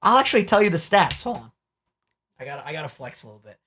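A young man hosting a casual podcast while drinking, loud, boastful and swearing freely in banter. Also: fairly high pitch, sing-song, fast, crowd noise. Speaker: podcast host.

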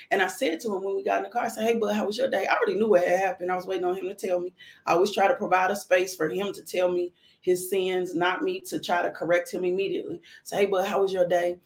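A woman's voice: lowish voice, gravelly. A middle-aged woman, a mother, giving an earnest personal testimony about faith and parenting, often repeating phrases for emphasis.

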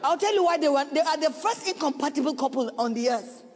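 A middle-aged woman pastor preaching a sermon, earnest and pleading, at times sinking into a soft, slow voice. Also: sits high, expressive. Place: church sanctuary. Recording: long reverb of a large hall.

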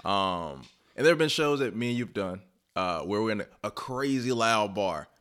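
Relaxed low-voiced man agreeing along. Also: clean tone. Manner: relaxed, agreeable, quick backchannels. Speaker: comedian, podcast co-host. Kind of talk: casual podcast chat.

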